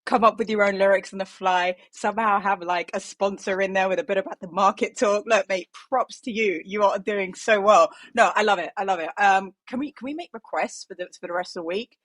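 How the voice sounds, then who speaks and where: A woman's voice: medium pitch, brisk, hardly any pauses, fairly bright tone, no room sound. A woman co-hosting a podcast, chatting in a playful, upbeat way and reading a market news roundup. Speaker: co-host.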